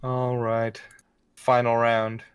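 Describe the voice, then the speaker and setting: A young man with a mid-pitched voice answers a rapid round of questions. His replies are dry and witty. The talk is a relaxed chat between friends. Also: smooth. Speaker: podcast co-host. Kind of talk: casual chat, quick-fire answers.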